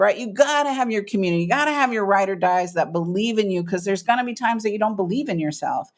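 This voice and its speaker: A woman's voice: medium pitch, fast talker, hardly any pauses. A middle-aged woman, a business coach, telling her story as a guest on an interview podcast, emphatic and acting out what people said. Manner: animated storyteller, acts out quoted voices, emphatic.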